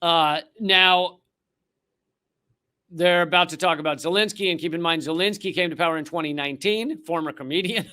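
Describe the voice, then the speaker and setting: A sardonic male host alternates between reading a document aloud and cracking wry asides. His voice sits high for a man and rings bright and forceful. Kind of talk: political comedy commentary.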